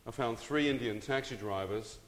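A man's voice: mid-range voice, normal speed. Middle-aged man telling a story in a hall. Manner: addresses the audience with questions and asides. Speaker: speaker telling his story. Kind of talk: dramatic personal storytelling to an audience. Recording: long reverb of a large hall.

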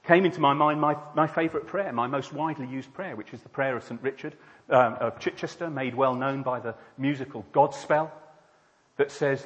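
A man's voice: mid-range voice, brisk, muffled recording. A man preaching a sermon, telling a story and chatting with asides in a conversational way. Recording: long hall reverb.

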